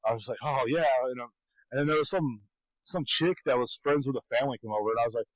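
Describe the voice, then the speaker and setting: A man's voice: medium pitch, fast, dry recording, rough recording. A man co-hosting a podcast, telling rambling stories in casual chat and laughing often. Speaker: podcast co-host.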